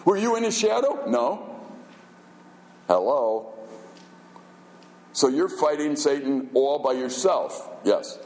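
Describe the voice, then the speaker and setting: A man's voice: on the high side, darkish tone. A man preaching a sermon as a pastor, emphatic and conversational, firing off rhetorical questions. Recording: echoey hall reverb.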